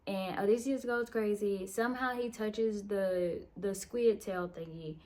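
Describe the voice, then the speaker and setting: Late at night, a tired book reviewer casually recaps a novel in a mid-range, steady, mellow voice that runs a little slow. She's slangy and profane, drifts off track, and acts out the characters' lines.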